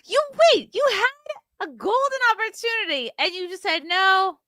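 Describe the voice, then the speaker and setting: High lively teasing woman host. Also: moderate pace, dry recording, studio quality. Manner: playful, laughing, teasing interjections. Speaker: podcast host. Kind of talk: casual chat.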